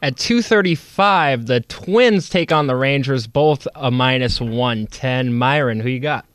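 A man's voice: medium pitch, unhurried, fairly bright tone, clear, resonant tone, no echo. A man on a sports talk show reading out games, times and odds, then asking the hosts for picks. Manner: reads schedules and odds, then hands off questions. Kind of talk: casual sports chat.

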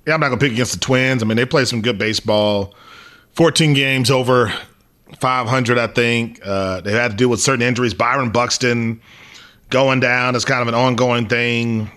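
A man co-hosting a sports talk show, giving his picks in a relaxed, easygoing way. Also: medium pitch, normal speed. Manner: relaxed, easygoing, uneven pace. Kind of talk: casual sports chat.

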